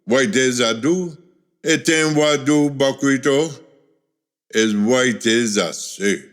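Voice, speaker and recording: A man voicing a lovesick old grandfather, telling his tale in a slow, rueful lilt. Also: mid-range voice, natural voice.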